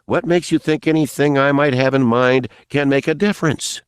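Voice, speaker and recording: A man's voice: deep voice, big pitch swings, a little slow, no echo, exaggerated voice. A male narrator voicing a bitter, angry young jungle guide in an audiobook.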